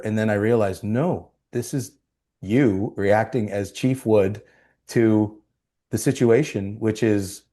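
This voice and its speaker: A man's voice: lowish voice, moderate pace. A man, an actor guest, telling stories in an interview and acting out quoted lines. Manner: animated storyteller, acts out quotes. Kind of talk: storytelling interview.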